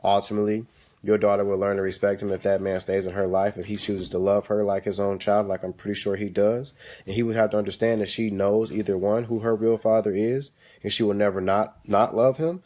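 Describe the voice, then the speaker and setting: A man's voice: fairly low pitch, a little fast. A young man hosting a casual live stream from home, giving parenting advice and scolding his kids now and then. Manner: animated, stern with kids between advice. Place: home kitchen. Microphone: phone or webcam.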